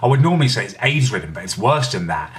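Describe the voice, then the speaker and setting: A young man hosts his own vlog, delivering dry, sardonic commentary full of indignant asides. His voice sits on the low side. He is picked up from a little way off the mic. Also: big pitch swings, fast talker, far from the mic. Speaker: vlogger host. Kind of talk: casual comedic vlog commentary.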